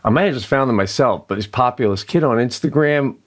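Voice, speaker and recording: A middle-aged man with a mid-range voice co-hosts a podcast at a quick pace, chatting casually and telling stories as an animated storyteller who acts out quotes.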